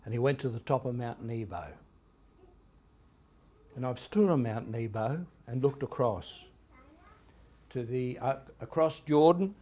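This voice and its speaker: A man preaching a sermon in a church, telling stories with emphatic swings in loudness. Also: medium pitch, unhurried, pauses often. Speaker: pastor.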